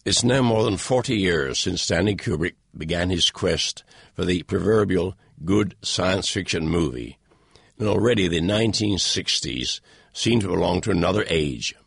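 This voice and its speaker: Gravelly, husky older man. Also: low voice, expressive, dry recording. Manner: dry, wry and unhurried. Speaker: author reading his own introduction. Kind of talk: read-aloud personal foreword.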